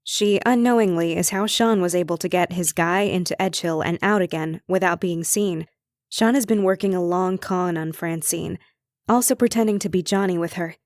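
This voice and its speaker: A woman's voice: fairly low pitch, darkish tone, dry recording, studio quality, lightly acted. A woman narrator voicing a young woman witch in an audiobook, earnest and frank. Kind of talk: audiobook character voice.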